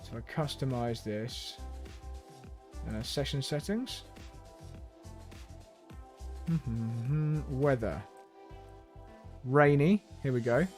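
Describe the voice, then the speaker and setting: A man's voice: medium pitch, very slow, long pauses, faint music behind. A man chatting casually to his viewers while he drives in a racing simulator on a live stream, laughing easily as he talks.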